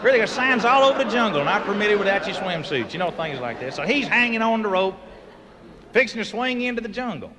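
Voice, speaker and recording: A man telling folksy stand-up stories and bursting into loud voiced sound effects, recorded live. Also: high-pitched, sing-song, brisk, a crowd in the background. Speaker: comedian. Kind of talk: stand-up storytelling. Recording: live show recording from a hall with audience ambience.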